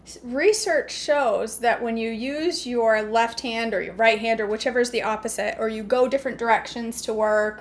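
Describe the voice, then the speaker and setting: A middle-aged woman chatting casually to her viewers while cooking in her home kitchen, joking about herself and answering comments by name. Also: fairly high pitch. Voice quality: chatty, self-mocking, talks to viewers by name. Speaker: cooking vlogger.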